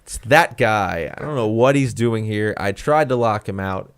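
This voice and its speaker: A man's voice: lowish voice, normal speed. A man co-hosting a casual comedy tech podcast, joking around and playful. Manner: jokey, playful, drifts into put-on voices. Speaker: podcast co-host. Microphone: webcam.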